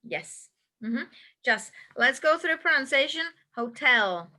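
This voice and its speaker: A woman's voice: a little high, takes it slowly, sharp tone. A woman teaching a classroom English lesson, patiently checking answers one by one and repeating them. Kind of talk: classroom instruction.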